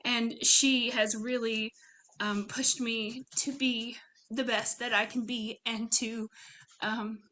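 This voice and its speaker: Bright-voiced nervous woman accepting an award. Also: fairly high pitch, little pitch movement, slow, a little hiss or hum. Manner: nervous, emotional, many ums. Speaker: graduate student award winner. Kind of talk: acceptance speech.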